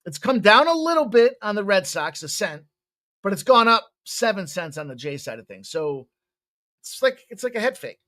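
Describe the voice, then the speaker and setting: Talking at a normal speed, a man with a fairly high, lively voice rambles loosely through his sports betting picks. His pitch keeps swinging up and down, and he jokes and swears casually along the way.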